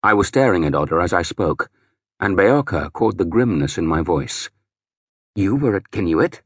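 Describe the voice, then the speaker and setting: Husky male audiobook narrator. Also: low voice, lively intonation, moderate pace, no room sound. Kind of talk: scripted first-person narration.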